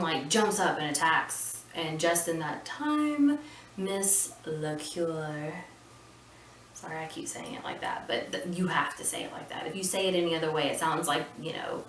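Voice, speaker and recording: A woman hosting a casual movie recap, chatty and rambling, with opinionated asides. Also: sits low. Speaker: podcast host recapping a film. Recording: roomy and distant with faint noise.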